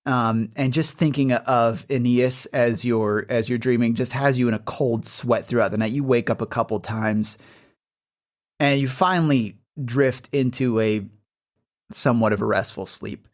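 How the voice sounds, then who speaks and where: A game master narrating a tabletop game in a casual, animated way, with lots of filler words. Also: medium pitch, unhurried.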